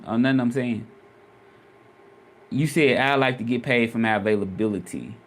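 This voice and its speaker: A man with a Southern accent, from Memphis, Tennessee, chats casually on a livestream at a normal speed, pausing often, his mid-range voice steady. He's a vlogger and freelance Spanish interpreter who repeats his questions to viewers.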